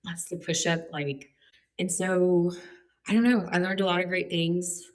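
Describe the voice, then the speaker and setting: A woman's voice: fairly low pitch, steady tone, unhurried. A woman in her forties telling her life story as a guest, chatty and humorous with lots of fillers. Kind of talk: candid personal storytelling.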